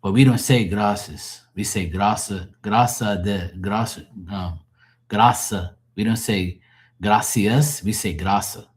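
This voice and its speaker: A man's voice: on the low side, a little slow. A man chatting casually on a livestream, rambling and explaining words to his viewers with lots of fillers. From born in the country of the stream, Portuguese family. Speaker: livestream tarot reader.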